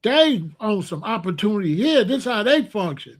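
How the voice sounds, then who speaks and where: Man, high voice, blunt repetitive livestream talk, middle-aged. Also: very animated, moderate pace. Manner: blunt, repetitive, asks the chat questions. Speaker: livestream host. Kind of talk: casual livestream monologue.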